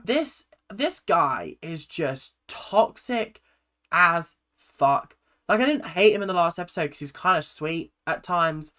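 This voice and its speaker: Young woman, reaction host, animated pitch and talkative. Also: measured pace. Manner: chatty and opinionated, with frequent laughs. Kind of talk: casual reaction commentary.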